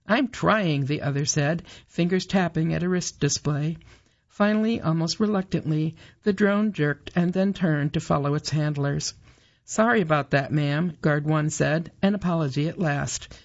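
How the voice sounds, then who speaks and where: A woman narrating an audiobook in a measured, even storytelling manner. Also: low voice, muffled recording. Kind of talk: scripted narration.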